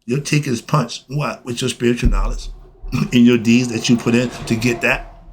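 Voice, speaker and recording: A man's voice: medium pitch, steady tone, moderate pace, breathy edge. A man giving a blunt, emphatic spiritual monologue in casual slang, asking questions and answering them himself. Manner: emphatic, asks and answers his own questions; colloquial, blunt. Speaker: host.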